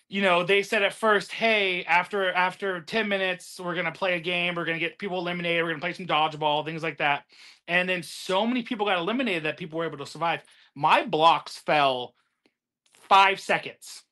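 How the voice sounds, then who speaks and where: A man and former game show contestant, telling stories in a casual group chat, animated and laughing often. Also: on the high side.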